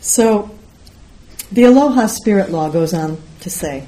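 A woman's voice: medium pitch, lively intonation, unhurried, dark tone, low-quality recording. A middle-aged woman giving a Zen dharma talk, telling a story and acting out the voices of the people in it. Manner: storytelling, acts out quoted voices. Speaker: Zen teacher.

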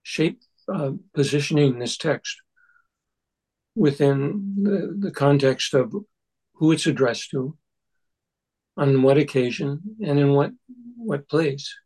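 An older man guides a study group through a text, thinking aloud as he goes. His voice is husky and sits a little high, and he stops and restarts often in a halting, reflective way. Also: darkish tone, poor audio. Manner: halting, thoughtful, many restarts. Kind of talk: discussion of a Buddhist text.

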